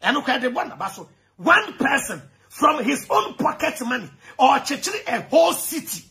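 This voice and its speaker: High-pitched animated Ghanaian man ranting. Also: moderate pace. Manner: shouting, laughing, mixing English with Twi. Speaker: commentator. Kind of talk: animated political rant.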